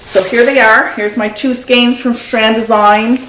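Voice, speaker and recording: A woman's voice: fairly high pitch, steady tone, unhurried, a bit bright, slight background noise. An older woman in her seventies hosting a knitting video, chatting casually and rambling as she shows her projects. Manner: chatty, rambling, easily sidetracked. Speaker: knitting podcast host. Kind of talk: casual show-and-tell chat. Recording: echoey room.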